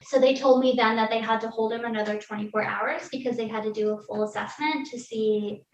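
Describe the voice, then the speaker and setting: Speaking briskly in a fairly even, high-leaning voice, this woman guests on a podcast and tells a personal story casually and candidly, saying "like" a lot and laughing through difficult moments. There's a little hiss or hum, and the sound is distant, roomy and dull with faint ambience.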